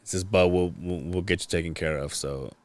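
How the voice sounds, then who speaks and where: A man with a lowish voice tells a story in casual podcast chat, often stopping and starting over. The sound is dry and close, with no room around it. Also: fairly even intonation, brisk, dry recording. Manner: rambling storytelling with many restarts. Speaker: podcast host.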